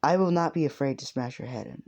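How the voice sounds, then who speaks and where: A man playing a gruff, defiant young loner with a blunt, swearing way of talking, told in a storytelling video. The voice is mellow and low-key. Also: fast talker, lo-fi sound, lightly acted.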